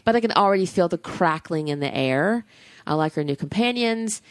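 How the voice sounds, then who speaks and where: A woman co-hosting a podcast in casual chat, gushing and animated, swearing freely. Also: lowish voice, moderate pace, no room sound. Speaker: podcast co-host.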